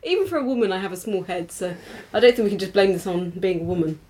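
Woman, podcast co-host, casual chat, mid pitch, laid-back, giggly. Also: fast talker. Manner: relaxed, laughs easily, trails off.

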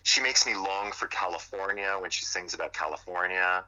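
Man from Canada, very low and very bright voice, gushing guest in casual chat, loose and filler-heavy. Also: steady tone, moderate pace, dull audio. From Canada, Montreal. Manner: enthusiastic, rambling with many fillers.

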